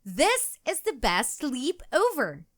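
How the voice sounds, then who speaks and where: A woman reading aloud, voicing an excitable, easily frightened little schoolgirl with high, squealing exclamations. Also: slow, exaggerated voice. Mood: excited.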